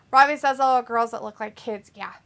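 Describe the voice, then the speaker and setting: A woman's voice: a little high, gravelly, fairly bright tone. A woman co-hosting a casual live stream, reading viewer comments aloud in a blunt, profane way and laughing often. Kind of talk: casual chat.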